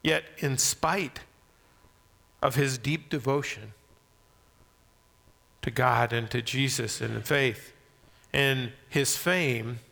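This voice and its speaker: A man preaching a sermon, swinging from loud emphasis to soft near-whispers. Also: mid-range voice, slow, vocal fry, pauses often, long reverb tail. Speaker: pastor.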